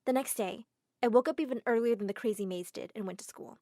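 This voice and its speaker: High, dry-voiced woman storyteller. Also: mellow, no echo. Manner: dramatic, exclaiming, quick shifts to emotional outbursts. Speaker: narrator. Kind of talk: first-person animated story narration.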